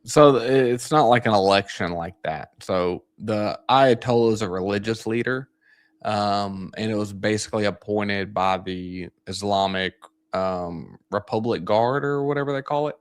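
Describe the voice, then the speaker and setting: Man, lowish voice, casual market livestream, hedging, repeats himself. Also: measured pace, clear, resonant tone. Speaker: livestream host.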